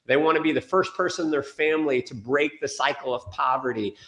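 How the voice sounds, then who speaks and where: A man giving an energetic sales training talk, telling stories and acting out quotes. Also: a little high, brisk, echoey room. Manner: energetic storytelling with acted quotes. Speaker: motivational speaker.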